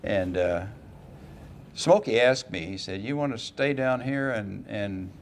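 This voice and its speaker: An older man with a fairly low voice tells his stories in a relaxed, folksy way. He acts out the lines of the people he quotes. Faint room ambience sits behind him. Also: measured pace, slight background noise. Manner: folksy anecdotes, quoting others in lively voices. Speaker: interview guest, retired racing driver. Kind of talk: casual storytelling interview.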